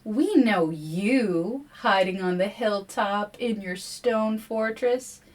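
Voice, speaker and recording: A woman reading aloud as a chorus of hungry forest spirits, hushed, slow and coaxing. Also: medium pitch. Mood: menacing.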